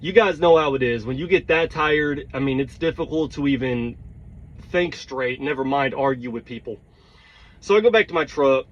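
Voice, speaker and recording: A man's voice: on the high side, muffled recording. A truck driver telling a heated, blunt story, swearing and checking in with his listeners as he vents. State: tired. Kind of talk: storytelling vlog rant.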